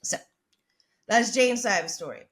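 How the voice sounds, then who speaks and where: A woman's voice: medium pitch, lively intonation, moderate pace, fairly bright tone. Foul-mouthed woman telling a story. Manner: profane, chatty, brash. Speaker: podcast host. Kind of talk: casual storytelling.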